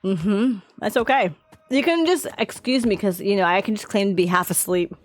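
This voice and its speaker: A woman's voice: medium pitch, moderate pace, soft background music. A woman streaming a game with a friend, chatting casually and laughing often. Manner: laughs often, animated, talking while eating. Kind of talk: casual chat while playing a game.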